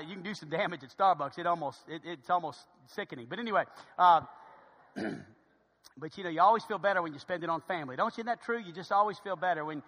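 A man's voice: sits high, long reverb tail. A middle-aged man preaching as a pastor, telling a story conversationally and repeating words as he goes. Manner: repeats words, conversational, grows hushed when serious. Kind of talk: storytelling sermon.

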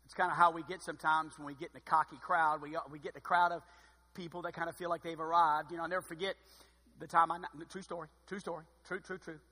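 A man preaching a sermon as pastor, expressive and dryly sarcastic, with loud emphatic bursts and quiet asides. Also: on the high side, fast, husky, in a large hall.

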